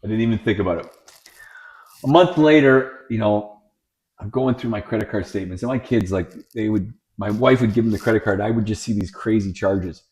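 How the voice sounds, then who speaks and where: A middle-aged man co-hosting a podcast, telling family stories in a blunt, animated, no-nonsense way. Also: on the low side, a little fast. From Italian family. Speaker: podcast co-host. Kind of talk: casual chat.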